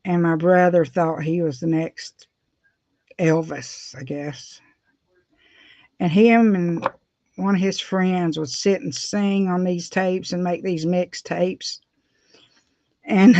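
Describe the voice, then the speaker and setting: A woman's voice: on the low side, a little mellow, no room sound. A middle-aged woman, chatting casually and rambling with frequent laughs while doing her nails for a vlog. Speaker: beauty vlogger. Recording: dull dry lo-fi sound.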